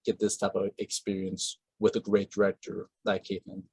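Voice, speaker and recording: A man hosting a relaxed interview, his voice sitting on the low side. He rambles through long thoughts with fillers and restarts, recorded close and dry. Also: moderate pace, vocal fry, slightly rough, no room sound. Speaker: podcast host. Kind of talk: casual interview.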